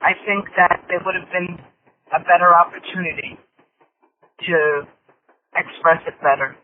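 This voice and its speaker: A man calling in to a podcast, speaking in a slow, measured way. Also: high-pitched, fairly even intonation. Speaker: caller. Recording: phone line with faint noise.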